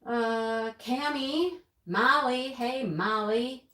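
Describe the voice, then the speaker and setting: A woman's voice: on the high side, extremely slow, sharp tone. Chatty woman greeting her live viewers. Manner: chatty, greets viewers one by one, laughs often. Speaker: livestream host. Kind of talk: casual live-stream chat. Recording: echoey room, own speakers feeding back.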